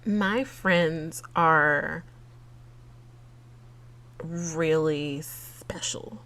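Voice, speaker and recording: Woman podcast host, solo casual monologue, giggly and emotional, unhurried delivery. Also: on the low side, animated, a bit bright. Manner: chatty, giggly and emotional, with frequent laughs and fillers.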